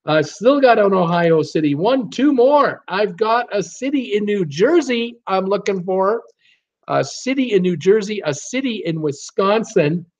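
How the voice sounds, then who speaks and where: Guy running a trivia livestream, kinda high voice, upbeat, reads out guesses, dull lo-fi audio. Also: expressive, a little slow. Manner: upbeat, calls out guesses and gives hints. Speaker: host of a live trivia stream. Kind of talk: casual live-stream trivia, reading viewer guesses.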